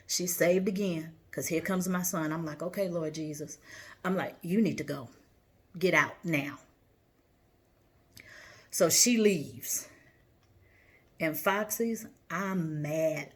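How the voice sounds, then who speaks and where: A woman, telling a personal story on her podcast in an animated, emphatic way. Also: mid-range voice. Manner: animated, emphatic retelling with acted-out quotes. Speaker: podcast host.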